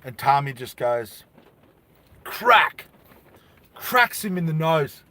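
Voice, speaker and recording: A man telling a story in a casual vlog, animated, with asides to his viewers. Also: fairly high pitch, measured pace.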